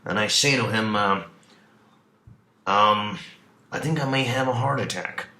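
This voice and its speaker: A man's voice: on the low side, a little slow, sharp tone. Rambling older talk show host put on by a man, hesitant, echoey room. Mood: deadpan. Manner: hesitant storytelling with many uhs.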